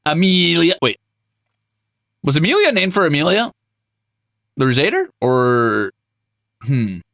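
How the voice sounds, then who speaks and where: A male streamer in casual livestream chat, his voice gravelly and bright-edged, swinging widely up and down in pitch. He is playful and animated, breaking into squeals and mock scolding and swearing casually. The sound is dry and close. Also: unhurried, dry recording.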